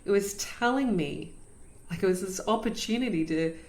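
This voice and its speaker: A woman's voice: medium pitch, lively intonation, normal speed, darkish tone. A woman, host of a podcast, telling her own story in an earnest, reflective way and repeating phrases for emphasis. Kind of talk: personal storytelling.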